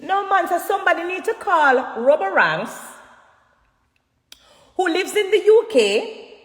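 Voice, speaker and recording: A Jamaican woman speaks to her fans in a high voice, emphatic and animated, often rising to loud bursts. Her phone sits in a room that echoes with a long reverb trail. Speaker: dancehall artist addressing fans. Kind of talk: casual livestream talk. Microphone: phone livestream.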